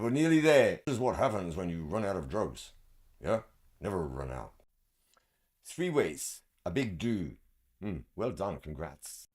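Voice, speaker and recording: A man's voice: mid-range voice, darkish tone. A man giving crude, sarcastic comedic commentary as a show host, swearing heavily and handing out mock advice. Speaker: show host roasting event photos.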